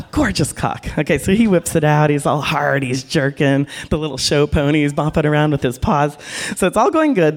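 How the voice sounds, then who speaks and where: Frank, animated woman telling a live story, swooping expressive delivery. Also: fairly low pitch. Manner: frank, animated, acts out voices. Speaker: porn director.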